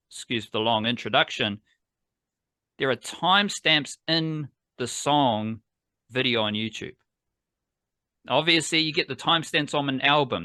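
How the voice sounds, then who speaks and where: A man's voice: medium pitch, sharp tone, dry recording. A man hosting a casual sports podcast, rambling and enthusiastic. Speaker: podcast host.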